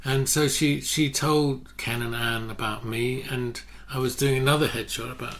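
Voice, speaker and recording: An older man, a photographer telling stories in a relaxed interview, often restarting his sentences. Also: medium pitch, moderate pace, background noise. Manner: anecdotal, self-correcting, many restarts. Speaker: guest photographer. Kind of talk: casual interview chat.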